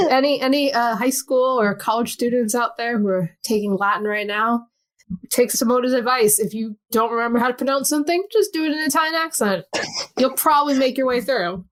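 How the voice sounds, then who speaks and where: A woman's voice: a little high, a little fast. A woman from the United States co-hosting an archaeology podcast, explaining in a casual, chatty way with frequent laughs and fillers. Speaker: podcast co-host. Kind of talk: casual educational chat.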